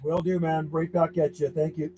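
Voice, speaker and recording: A man's voice: fairly high pitch, little pitch movement, moderate pace. Man calling on the radio through static. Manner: clipped call-sign calls, friendly sign-offs. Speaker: CB radio operator. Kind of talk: calling and answering distant radio contacts. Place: home radio station on an island off western Canada. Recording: loud radio static behind the voice.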